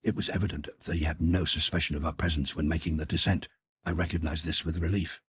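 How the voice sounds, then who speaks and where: A man narrating a classic novel as an audiobook, reading in a measured, even way. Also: a bass voice, a little hiss or hum.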